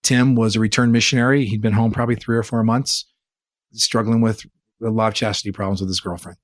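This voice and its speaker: A man from the Bay Area of California, an interview guest telling a personal story in an earnest, animated way and posing rhetorical questions. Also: fairly low pitch, fast talker, no echo. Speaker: interview guest, church leader. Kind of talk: conversational storytelling.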